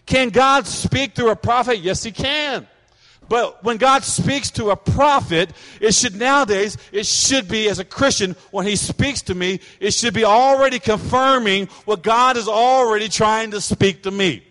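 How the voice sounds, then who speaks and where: A middle-aged man delivers a sermon from the pulpit, his voice sitting high for a man. He preaches with animation, slipping into the voices of the people he talks about. The sound rings with the long reverb of a church hall. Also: measured pace, fairly bright tone. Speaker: pastor.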